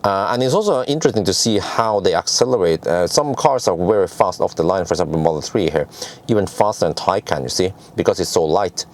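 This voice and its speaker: Laughing at his own jokes and wandering into digressions, a man reviewing cars chats casually through how car tests work. His low-pitched non-native English is halting, with lots of fillers and restarts, yet his intonation is lively.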